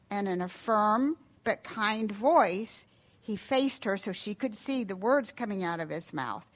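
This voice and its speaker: A woman reading a children's devotional story aloud in a gentle, measured way. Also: fairly high pitch.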